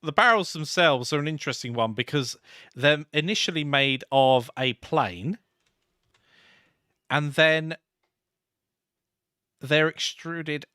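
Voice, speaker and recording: A man's voice: fairly high pitch, takes it slowly, pauses often, pushed and bright, clean tone, dry recording, studio quality. A man co-hosting a live stream, explaining things casually with a lot of filler words. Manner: explanatory, laughs easily, hesitant fillers.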